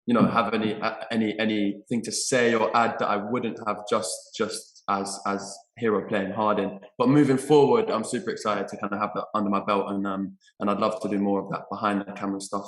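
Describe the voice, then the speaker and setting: A man's voice: fairly low pitch, level tone, a little fast, few pauses. A young man with an English accent, an actor answering interview questions hesitantly, often repeating his words. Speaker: actor guest. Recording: roomy echo.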